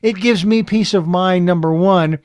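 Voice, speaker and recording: A man hosting an interview, retelling a personal story in an animated, reflective way with many fillers. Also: sits high, a little slow, no room sound, clean studio sound. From California. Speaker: podcast host.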